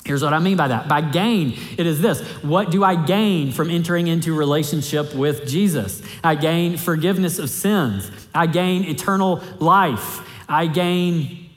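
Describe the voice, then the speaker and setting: A man's voice: a little high, measured pace. Man preaching in a reverberant hall. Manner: conversational preaching, repeats key phrases for emphasis. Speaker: pastor. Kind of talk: sermon.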